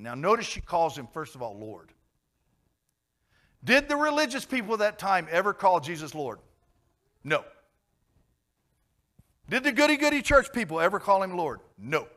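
Give a male preacher with a fairly high voice, chatty and direct. He asks his listeners questions and answers them himself. He swings from quiet asides to emphatic points. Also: very animated, normal speed, long pauses. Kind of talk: sermon.

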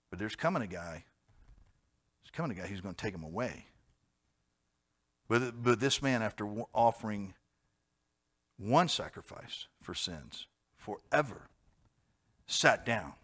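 Male pastor, sermon delivery, dynamic: big loud peaks, hushed asides. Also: fairly low pitch, measured pace, long pauses, slightly rough. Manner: lively preaching, swings from loud exclamations to quiet asides.

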